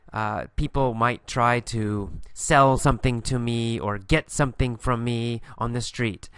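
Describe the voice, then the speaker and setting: A man teaching an English story lesson, asking simple questions and answering them himself, and repeating key words slowly for learners. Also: mid-range voice, pushed and bright, smooth, dry recording, clean studio sound.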